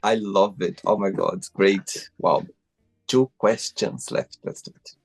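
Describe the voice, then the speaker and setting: A man's voice: fairly low pitch, slow pace, vocal fry, over music. A man hosting an interview over a video call, gushing with praise and repeating "I love it" and "wow". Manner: effusive, keeps saying "I love it" and "wow". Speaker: host. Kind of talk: interview host asking questions.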